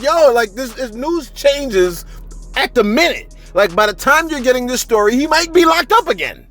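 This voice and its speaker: Chatty male gossip host with a higher voice, loose rambling delivery, light music under him. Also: sing-song, fairly quick, fairly bright tone. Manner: chatty, rambling, repeats "you see what I'm saying". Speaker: celebrity news host. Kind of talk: casual commentary.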